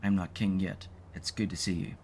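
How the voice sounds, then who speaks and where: Man reading brash young prince, keen, deep-voiced read. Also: fairly even intonation, moderate pace, gravelly, a little mellow, a little hiss or hum. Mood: eager.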